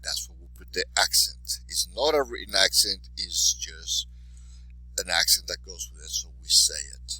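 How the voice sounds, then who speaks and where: A man's voice: low-pitched, moderate pace, bright, forceful tone, husky, no room sound, rough recording. A man teaching a lesson in English, patiently saying each example word twice. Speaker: Spanish teacher. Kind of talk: recorded classroom lesson.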